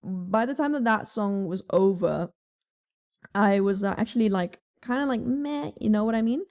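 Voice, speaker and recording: A woman's voice: mid-range voice, moderate pace, darkish tone. Chatty young woman with a Dutch accent. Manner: chatty, lots of ums and likes, laughs often, casual swearing. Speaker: music vlogger. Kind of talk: casual music review chat.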